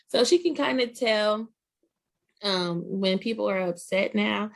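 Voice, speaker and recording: A woman's voice: fairly high pitch, moderate pace, vocal fry. A woman, an aunt, chatting casually and telling a family story, acting out the quoted lines. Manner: storytelling with lively quoted voices. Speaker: group discussion participant, aunt. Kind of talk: casual chat.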